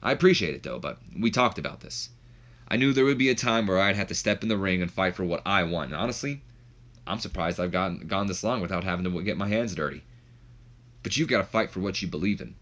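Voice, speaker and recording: A man reading aloud the lines of a young male wrestling boss, speaking calmly and resolutely. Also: low-pitched, quick pace. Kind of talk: reading game dialogue aloud.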